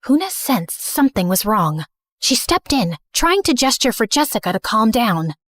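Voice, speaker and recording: A woman's voice: fairly high pitch, sing-song, moderate pace, a bit bright, dry recording, clean studio sound. A woman narrating a dramatic first-person story in an earnest storytelling manner.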